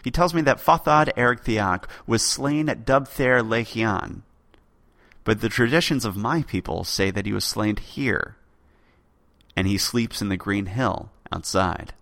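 A man voicing a tall, mysterious male warrior who speaks calmly and quietly with quiet command, in a storybook tale. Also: on the low side, unhurried, vocal fry, no echo, voice pushed up.

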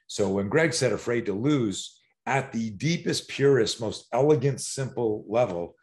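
A man who coaches fighters, telling stories in a loose, animated conversation, swearing now and then and restarting his sentences. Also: mid-range voice, unhurried. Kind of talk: casual podcast conversation.

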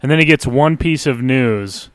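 A man's voice: medium pitch, normal speed, dry recording. A man co-hosting a podcast, giving blunt, grumbling opinions in casual chat about a film. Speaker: podcast co-host. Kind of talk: casual movie review chat.

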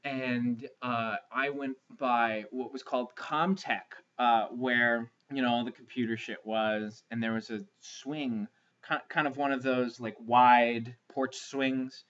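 A man's voice: medium pitch, steady tone, slow pace, a bit bright, muffled recording. A young man co-hosting a podcast, rambling through crude camp stories in casual comedic chat. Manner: crude, rambling storyteller with filler words. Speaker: podcast co-host.

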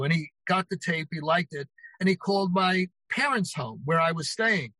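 High-voiced older man telling anecdotes. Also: normal speed, dry recording, poor audio. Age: 60s. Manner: animated retelling with quoted voices. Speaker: author guest. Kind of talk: anecdotal interview storytelling.

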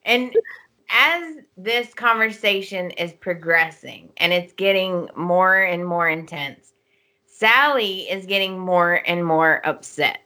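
A woman co-hosting a podcast, retelling a soap opera's plot at length in an animated, casual way. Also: on the low side, slow. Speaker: podcast co-host.

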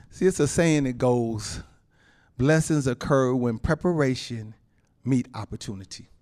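A man's voice: medium pitch, unhurried, pauses often, a little mellow. Man preaching with amens and chuckles. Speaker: pastor. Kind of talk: sermon.

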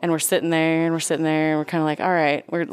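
Woman, hunter and nurse, low voice, rapid storyteller, animated. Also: clean tone. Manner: animated, quick, acts out quotes. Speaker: guest storyteller. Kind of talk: casual storytelling.

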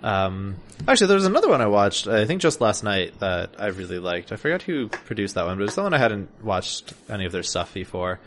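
A man co-hosting a podcast in casual chat, hesitant with many fillers and restarts, with a dry, deadpan humor. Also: fairly low pitch, a little fast, hardly any pauses, a little hiss or hum. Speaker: podcast co-host.

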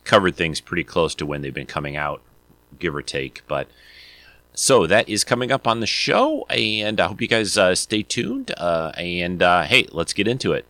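A man's voice: low voice, lively intonation, moderate pace, sharp tone, no room sound. A man hosting his podcast in a loose, rambling chat full of fillers and restarts. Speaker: podcast host. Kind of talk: casual solo podcast chat.

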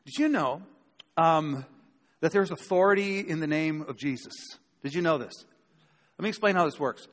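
A man's voice: fairly high pitch, moderate pace. Man preaching in a reverberant hall. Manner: conversational, acts out quoted speakers. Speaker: pastor. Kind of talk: sermon.

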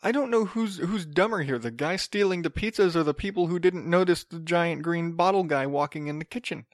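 Brief: higher-voiced male podcaster, rambling and wry, dry close sound. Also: a little fast, dry recording. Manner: rambling, repeats and restarts words, sarcastic asides. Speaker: podcast host. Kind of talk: casual solo podcast monologue.

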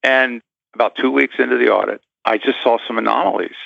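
A man's voice: mid-range voice, fairly even intonation, fairly quick, vocal fry, dry recording, muffled recording. A man guest in an interview, telling a story with animation and acting out the voices of the people in it.

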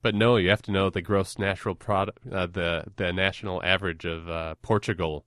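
A man with a fairly low voice hosts a podcast in loose, casual chat. He jokes around and pokes fun at himself. The recording is dry and close, with no room sound. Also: steady tone, a little fast, a bit bright, dry recording. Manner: joking, self-deprecating banter. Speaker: podcast host.

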